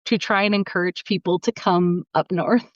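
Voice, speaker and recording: A woman's voice: lowish voice, fairly even intonation, moderate pace, dry recording, dull audio. A middle-aged woman from Canada chatting casually as a podcast guest, laughing often. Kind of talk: casual chat.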